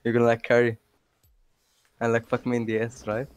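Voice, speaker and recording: A man's voice: mid-range voice, completely flat delivery, brisk, clear, resonant tone, dry recording. A man chatting as a teammate in a game voice chat, laid-back and giggly with casual slang. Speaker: ranked teammate. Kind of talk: gaming voice chat.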